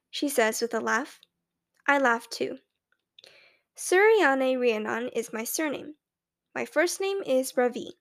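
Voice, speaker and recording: A woman with a high, light voice narrates a children's audiobook. She reads in first person as a young boy, clear and measured, in a steady storytelling manner.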